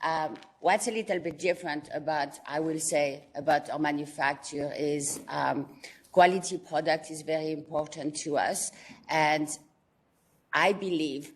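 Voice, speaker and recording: A woman with a strong French accent speaks in a low register, her English halting and sprinkled with "uh" and "um." She addresses a public board meeting as a company founder, earnest and proud. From France.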